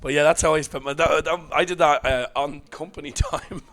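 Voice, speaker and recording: A man's voice: on the high side, fairly even intonation, brisk, fairly bright tone. A young Irish man telling a story on a podcast, laughing often and swearing freely. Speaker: podcast co-host. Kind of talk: casual chat.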